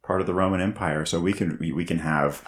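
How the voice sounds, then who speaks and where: A male co-host in a casual brainstorming chat, pitching ideas with wry enthusiasm. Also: fairly even intonation, fast talker. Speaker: podcast co-host.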